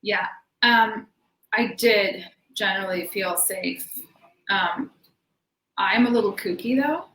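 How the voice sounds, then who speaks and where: A woman with a medium-pitched, sharp-toned voice speaks slowly with long pauses. She's a belly dancer guesting on a casual interview, chatting with many fillers and laughs, recorded in an echoey room with faint noise.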